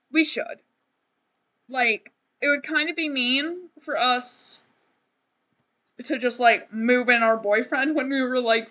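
A woman's voice: sits high, sharp tone. A woman streamer giving casual gameplay commentary, rambling and joking as she talks to the game characters.

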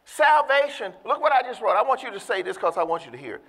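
In a church, a high-voiced man preaches a sermon with emphasis, calling out to the congregation and slowing down to stretch out the key words he wants to land. His delivery is sing-song with a sharp tone, and a long hall reverb carries the sound.

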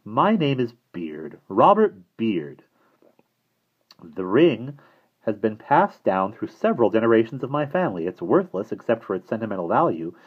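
A man voicing a small, soft-spoken, persuasive older man who talks in a purring, coaxing way. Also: fairly quick, slightly rough, lo-fi sound. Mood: gentle. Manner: purring, coaxing, high and animated.

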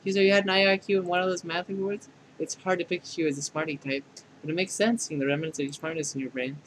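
A man's voice: fast talker, slight background noise, natural voice, poor audio. A man voicing a condescending, clingy female AI program in a fan dub of a dating game, with mocking, clinical put-downs. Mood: smug. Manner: deadpan scolding that tips into shrill outbursts.

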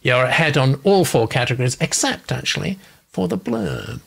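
An English man hosts a relaxed panel discussion over a video call, reading out comments and chuckling along. His voice has a gravelly, creaky edge and sits at a medium pitch. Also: moderate pace. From England. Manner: warm, chatty, breaks into laughs. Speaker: host of a manuscript feedback show. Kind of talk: casual panel chat, reading out viewer comments.

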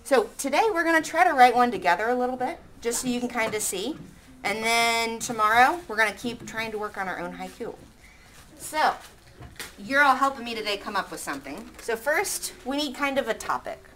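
A woman teaching a classroom lesson, reading lines slowly and counting out syllables with her pupils. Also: on the high side, lively intonation, a bit bright, a little hiss or hum.

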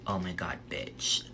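A man's voice: bright, forceful tone, slight background noise. A young man vlogging casually, sassy and profane, with dramatic shrieks and gasps. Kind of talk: casual vlog chat.

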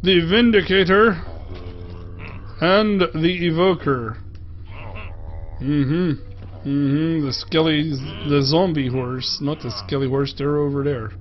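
Slow-talking man with a Pittsburgh accent. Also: a little high, fairly even intonation, muffled recording. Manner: chatty, greets game animals playfully. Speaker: game reviewer. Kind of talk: casual gameplay commentary.

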